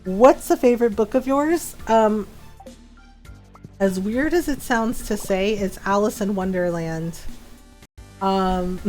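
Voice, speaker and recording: A woman's voice: medium pitch, darkish tone. A middle-aged woman streaming a game, chatting casually, often laughing and acting out what people said. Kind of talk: casual chat while gaming.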